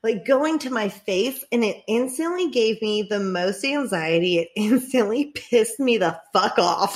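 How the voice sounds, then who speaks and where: A young woman telling a story in casual chat, animated, swearing freely and often laughing. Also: on the high side, measured pace.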